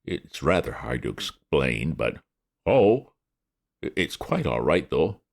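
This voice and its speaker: A man voicing a flustered young upper-class gentleman who stammers his excuses. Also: a bass voice, big pitch swings, takes it slowly, creaky, exaggerated voice.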